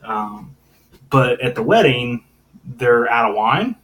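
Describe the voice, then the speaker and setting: A man explains a scripture passage informally, as if working it out as he talks. His speech is loose and conversational, full of pauses and fillers. His pitch sits in an ordinary middle range. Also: sing-song, fairly bright tone, poor audio. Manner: casual, thinking aloud, many fillers and restarts. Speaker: Bible teacher. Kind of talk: informal Bible teaching.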